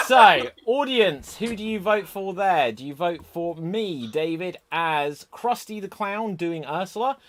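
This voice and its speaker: A man hosts a live improv comedy stream, chatty and brisk with a self-deprecating streak. His voice sits a touch high for a man. It comes through a video call. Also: fairly bright tone.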